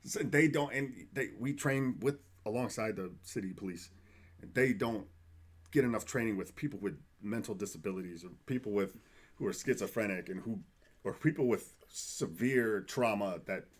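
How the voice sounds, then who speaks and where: A man who works as a firefighter, chatting casually on a podcast, swearing a lot and telling animated stories with acted-out quotes. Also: lowish voice, moderate pace, husky.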